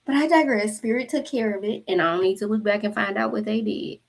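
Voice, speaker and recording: A woman hosting a spiritual channel, telling a story to her viewers in an animated, profane way and acting out the voices of the people in it. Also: mid-range voice, fast talker, vocal fry. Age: adult mother. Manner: animated, profane, acts out quotes.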